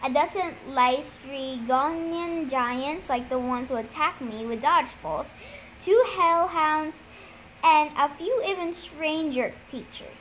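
A woman reading a novel aloud in a steady, deliberate storytelling manner. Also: sits high, a little hiss or hum, rough recording. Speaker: reader. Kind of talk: audiobook-style reading of a novel.

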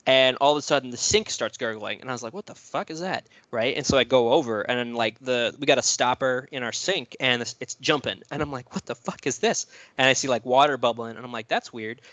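Casual male co-host with an average-pitched voice, cursing storyteller, dry mic. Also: a bit bright, no echo, dull audio. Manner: rambling, profane, lots of fillers.

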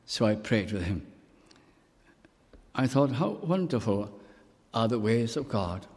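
An older man from Wales preaching a sermon, telling personal stories and quoting scripture slowly. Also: mid-range voice, big-room sound. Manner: storytelling, warm pauses, quotes scripture slowly.

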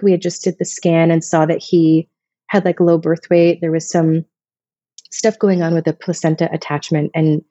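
A woman's voice: fairly low pitch, warm tone, slightly rough, dry recording, muffled recording. A woman in her thirties from Vermont, telling personal stories in a casual, emotional, rambling way as a podcast guest. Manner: emotional, rambling, many restarts.

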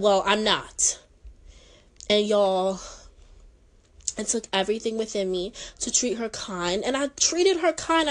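A woman's voice: mid-range voice, poor audio. A young woman hosting a podcast, chatting casually and rambling through stories with joking asides. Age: young adult. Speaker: podcast host.

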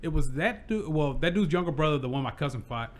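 A man's voice: fairly high pitch, brisk, slight background noise. A young man telling stories in casual chat. He swears freely and often breaks into laughter. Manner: animated, profane, laughs often. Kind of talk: casual storytelling.

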